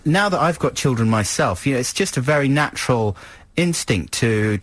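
A man co-hosting a radio show, making dry deadpan jokes. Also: medium pitch, moderate pace, dry recording. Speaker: radio co-host. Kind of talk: casual radio chat. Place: radio studio.

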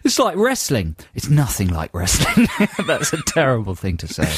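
A man's voice: mid-range voice, huge pitch swings, normal speed, slightly rough, no room sound. A man co-hosting a radio show, joking and rambling in a studio. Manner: jokey, rambling. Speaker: radio co-host. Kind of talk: casual radio banter. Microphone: studio mic.

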